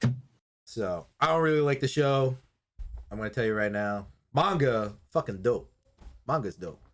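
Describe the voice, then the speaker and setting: A man's voice: mid-range voice, animated, normal speed, a bit bright, slight background noise. A young man co-hosting a casual review chat, rambling and swearing, laughing often and acting out scenes in silly voices. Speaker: podcast co-host reviewing anime.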